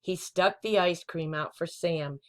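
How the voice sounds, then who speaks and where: A woman's voice: on the low side, a little slow. A woman hosting a children's storytime, reading a picture book aloud.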